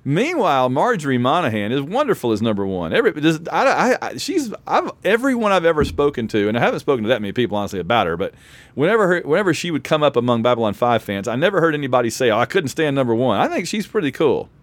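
A man's voice: a little high, very animated, quick pace, dry recording. A man hosting a podcast in casual chat over an online call, laughing often and restarting his sentences. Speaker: podcast host.

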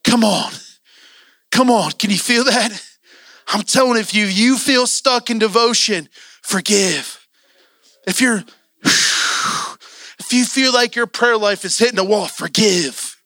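This male preacher takes his impassioned church sermon slowly, leaving long pauses as he spurs the congregation on. His bright, high voice carries a forceful edge, and the close, dry recording has no room sound.

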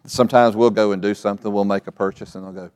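A low-pitched man preaching in a church, building stories of his own family into his sermon. His voice is close and dry, with little room sound, and he stretches out key phrases for weight. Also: steady tone, fast talker, darkish tone, clean tone, no room sound. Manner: storytelling preacher, acting out family scenes. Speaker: pastor. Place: church sanctuary.

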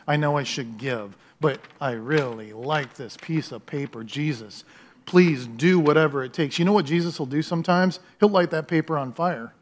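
A man preaching a sermon as a pastor, earnest and conversational, often restarting his phrases and talking directly to the congregation. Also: on the high side.

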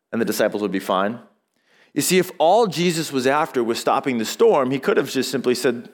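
A man's voice: medium pitch, big pitch swings, brisk. A male pastor delivering a sermon in a conversational way, asking rhetorical questions and acting out short quotes.

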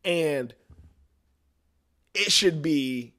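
A man hosting a podcast, ranting in a rambling, profane, comedic way, laughing often and sometimes dropping to a low mutter. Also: expressive, very slow, vocal fry, bright, forceful tone. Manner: drops to a low mutter at times. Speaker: podcast host. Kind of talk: casual comedic rant.

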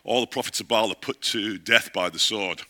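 A man's voice: fairly low pitch, moderate pace, bright, forceful tone. A middle-aged man, a pastor, preaching a sermon and telling a story, often asking his listeners questions.

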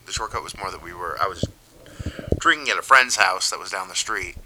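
A man's voice: low voice, animated, a little fast, background noise. A young man in casual chat, telling his side of a story with dry, self-mocking humor. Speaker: podcast co-host.

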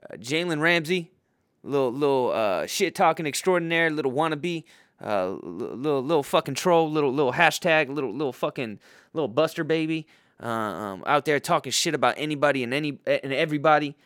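A man's voice: fairly high pitch, animated, brisk, fairly bright tone, no room sound, studio quality. A man giving football picks in a profane, rambling casual rant, full of fillers and restarts. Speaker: host making football picks.

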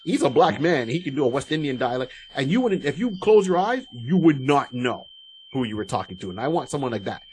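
With big pitch swings and a fairly quick, slightly mellow delivery, a medium-pitched man co-hosts a podcast, chatting loosely with restarts and asides. There's slight background noise.

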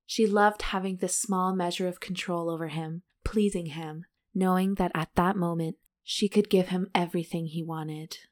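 Her voice sits a little low for a woman. She reads each racy passage from a romance novel aloud with a slight giggle, then breaks off to tease and joke about it with her co-host, as on a relaxed chatty podcast. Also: normal speed, few pauses. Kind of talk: casual chat and reading aloud.

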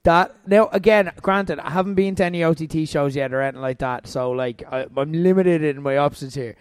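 A man's voice: a little high, fairly quick, clear, resonant tone, dry recording, studio quality. A young Irish man hosting a casual wrestling podcast, enthusiastic and laughing along. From Ireland. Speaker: podcast host. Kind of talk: casual chat.

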